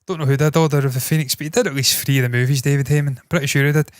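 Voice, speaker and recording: A man hosting entertainment news, talking bluntly and swearing often as he riffs on his opinions. His voice sits at an ordinary, mid-range pitch. The sound is close and dry, with no room echo. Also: steady tone, racing. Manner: blunt, swears freely, thinks aloud with restarts. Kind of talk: casual opinionated commentary.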